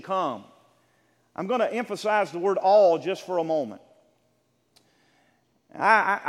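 Guy preaching a sermon in a church, goes from quiet explaining to loud repeated lines, lots of reverb. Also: high-pitched. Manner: rising to loud emphatic repetition; drops to quiet explaining asides. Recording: long reverb of a large hall.

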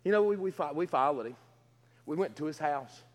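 A man's voice: a little high, animated, brisk. A man preaching a sermon in a folksy, emphatic way, full of stammering restarts. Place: church sanctuary. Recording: long hall reverb.

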